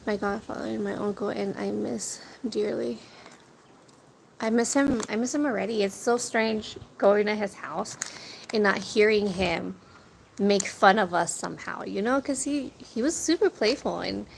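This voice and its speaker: A woman's voice: medium pitch, moderate pace, vocal fry. A young woman chatting casually to her viewers as a food vlogger, telling stories, swearing now and then and laughing often. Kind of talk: casual chat to a live audience. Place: outdoors near a corner store. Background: wind and birds.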